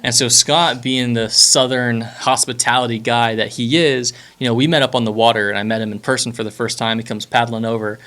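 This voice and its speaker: A young man from Florida hosting a podcast, talking in a relaxed, rambling way with lots of fillers and restarts. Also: medium pitch, fairly quick, hardly any pauses. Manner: rambling, laid-back, many fillers and restarts. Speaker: podcast host. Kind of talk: casual podcast chat.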